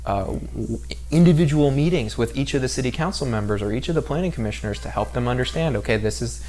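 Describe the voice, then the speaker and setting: A man's voice: medium pitch, lively intonation, quick pace, a little mellow. A man from San Diego in casual podcast conversation, talking in long rambling runs full of fillers and restarts. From San Diego, California.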